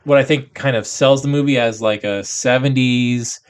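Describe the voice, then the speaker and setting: A man's voice: mid-range voice, normal speed, smooth. A man co-hosting a podcast, chatting casually about a movie, rambling with many fillers and restarts. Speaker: podcast co-host. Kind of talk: casual movie review chat.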